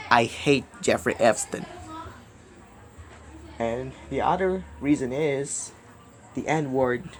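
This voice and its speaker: Guy ranting at the camera, begging over and over, keeps restarting words, gets loud then mumbly, medium voice, a bit of hiss. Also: mid-range voice. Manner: pleading and repetitive, swings between loud outbursts and mumbling; halting, restarts words often. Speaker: video creator. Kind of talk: rambling direct-to-camera plea.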